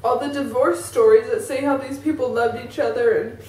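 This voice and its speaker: A woman's voice: fairly high pitch, fairly even intonation, brisk, darkish tone. A woman talking in a rambling, emotional way for a personal confessional vlog, with many fillers. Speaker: vlogger. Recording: echoey room, voice from a distance.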